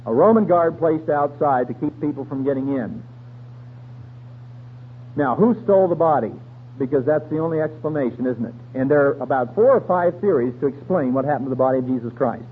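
A man's voice: fairly high pitch, a little fast. A man preaching in a folksy, colloquial storytelling way, full of slang, on a tinny radio broadcast with a faint hum. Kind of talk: radio sermon.

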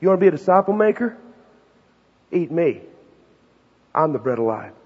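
A man voicing a weary, blunt male teacher who speaks low, quiet and plain, in a dull recording with a long hall reverb. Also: sing-song, moderate pace, slightly rough.

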